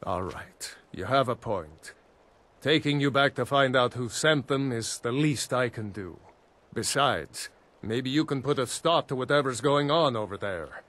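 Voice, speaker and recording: A man's voice: medium pitch, expressive, unhurried, fairly bright tone. An actor playing a weary, reluctant ship captain in a video game, firm in his refusals.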